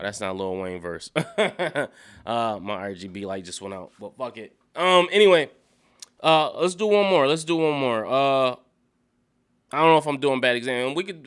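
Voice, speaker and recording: A man's voice: mid-range voice, a bit bright. A man giving casual solo commentary, thinking aloud and rambling with many fillers and restarts.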